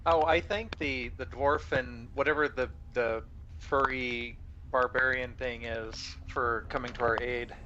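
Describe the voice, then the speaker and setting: Man player at a tabletop game, bright tone, chatty, hesitant, dull audio. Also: mid-range voice, steady tone, a little slow, hardly any pauses. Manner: chatty, hesitant, repeats words. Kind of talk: casual tabletop play. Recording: muffled with faint noise.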